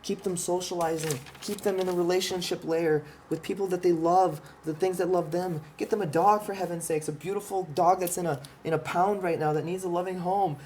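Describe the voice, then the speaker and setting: A man's voice: high voice, fairly even intonation, brisk, few pauses, a little mellow, slight background noise. A man in a rambling, profane, impassioned monologue who keeps restarting his sentences and explains while pointing at a drawing. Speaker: vlogger explaining his ideas.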